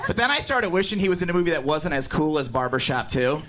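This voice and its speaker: High-voiced man doing stand-up in a noisy club. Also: fast. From Indiana. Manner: animated storytelling with loud shouted impressions. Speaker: stand-up comedian. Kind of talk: stand-up comedy set. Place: comedy club stage. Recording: club recording with audience noise.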